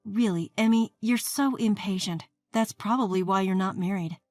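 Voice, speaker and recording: A woman's voice: mid-range voice, normal speed, a little mellow, dry recording, faint music behind, natural voice. A woman voicing a pushy, sarcastic sister-in-law who talks in a righteous, demanding way. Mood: scolding. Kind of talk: scripted story narration.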